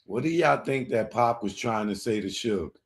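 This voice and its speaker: A man's voice: medium pitch, expressive, normal speed. A man hosting a live show, commenting on clips and putting rhetorical questions to his audience. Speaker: host.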